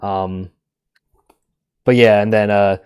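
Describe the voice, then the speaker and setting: A man's voice: on the low side, level tone, slow, darkish tone, clean tone, no echo, studio quality. A man casually retelling a book scene on a group podcast, laughing often and swearing as he goes. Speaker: podcast co-host.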